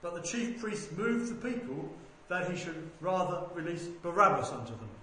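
A man with a fairly high voice reads scripture aloud, slow and deliberate, lifting his tone for the quoted lines. His voice rings through a very reverberant room with a faint hiss of background noise. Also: big pitch swings, bright, forceful tone. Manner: measured, deliberate reading that rises for quoted speech. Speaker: scripture reader. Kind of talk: bible reading aloud.

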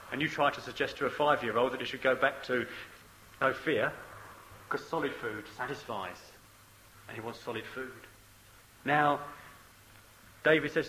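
A man preaching a sermon, swinging between loud emphatic declarations and low, quiet asides. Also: poor audio.

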